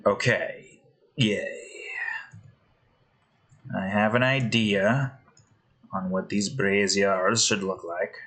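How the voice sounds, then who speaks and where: Slow-talking man muttering through his work. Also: fairly low pitch, steady tone, a bit bright, poor audio. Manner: muttering to himself, hesitant, self-questioning. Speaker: game developer. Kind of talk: thinking aloud while building a game.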